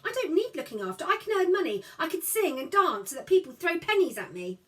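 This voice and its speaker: A woman's voice: very high-pitched, very animated, fast, pitched above the performer's own voice. Woman reader as small, stubborn, questioning girl; childlike and pleading. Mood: pleading, curious. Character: inquisitive, stubborn little girl.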